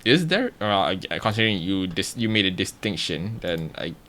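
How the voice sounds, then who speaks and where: A man's voice: sits low, big pitch swings, moderate pace, bright, forceful tone, soft background music. A male streamer giving casual gameplay commentary, talking to himself, humming and joking as he plays. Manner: talks to himself, hums and jokes while playing.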